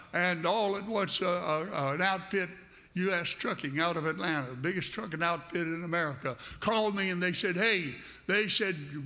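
A man's voice: high-pitched, pushed and bright. A man preaching a sermon to a congregation, fervent and direct, repeating phrases for emphasis.

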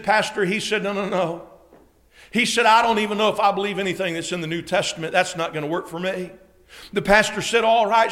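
A man preaching a sermon at a Bible conference, telling a story and building to emphatic shouts with frequent amens. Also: high-pitched. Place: church conference hall.

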